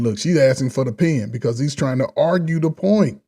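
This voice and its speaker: A man talks through a dating show clip in blunt, slangy reaction commentary. His voice is mellow and dark, and his delivery is animated. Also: medium pitch, brisk, husky.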